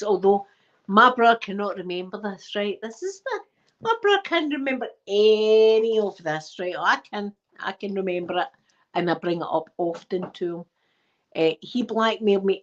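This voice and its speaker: A Scottish woman casually telling childhood stories to a live chat in an animated, emphatic way. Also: mid-range voice, moderate pace, dull audio. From Scotland. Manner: animated, emphatic, repeats herself. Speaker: channel host.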